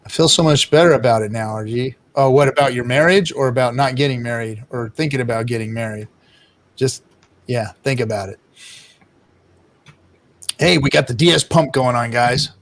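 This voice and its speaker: A man's voice: medium pitch, normal speed, long pauses. Male stream host, loose and profane, rambling anecdotes. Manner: rambling, profane, laughing storyteller. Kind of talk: casual live-stream chat.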